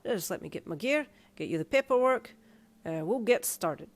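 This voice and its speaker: A woman's voice: mid-range voice, animated, moderate pace. A woman voicing a friendly, chatty male tattoo piercer with an Irish accent, in a fan fiction audiobook. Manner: loud, jovial, folksy.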